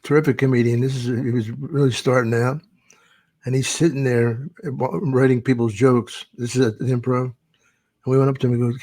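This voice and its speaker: A man's voice: medium pitch, level tone, fairly quick, a little mellow, no room sound. An older man, a veteran comedian, telling rambling show-business stories in a casual podcast chat, swearing freely and acting out quotes. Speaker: veteran stand-up comedian, guest of honor.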